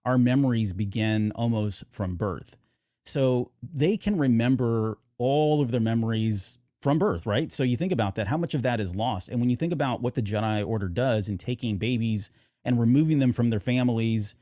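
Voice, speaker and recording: A man's voice: mid-range voice, brisk, mellow, dry recording, clean studio sound. A man co-hosting a podcast in casual chat, rambling with many fillers and restarts. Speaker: podcast co-host.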